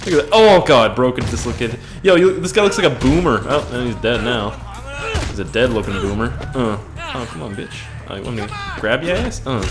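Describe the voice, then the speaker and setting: A young man from Canada giving excitable, profane let's play commentary, laughing and reacting loudly as he plays. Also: mid-range voice, fairly quick. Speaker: gaming channel host. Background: game music and sound effects.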